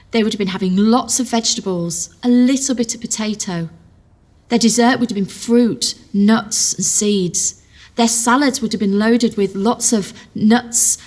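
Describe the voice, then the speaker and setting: A woman, a nutritional therapist, talks through dietary fats in a clear, explanatory way. She draws on homely everyday examples, and her voice sits at an ordinary middle pitch. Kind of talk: explanatory talk.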